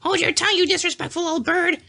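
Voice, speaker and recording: A shrill rude parrot. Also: steady tone, fast talker, sharp tone, full character voice. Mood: squawking. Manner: screeching, cheeky.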